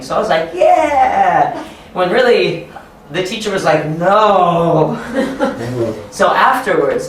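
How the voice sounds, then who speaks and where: An American man giving an informal teacher training talk, animated and laughing as he acts out quotes. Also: on the high side, a little hiss or hum. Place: training room. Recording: echoey room, mic far off.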